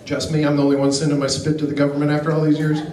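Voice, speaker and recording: A middle-aged man doing a stand-up comedy set, telling stories in a deadpan way and acting out quotes. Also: a little high, rapid-fire, slight background noise. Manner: deadpan storytelling with acted quotes. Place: comedy club stage. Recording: echoey club, picked up from far off. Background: audience laughter.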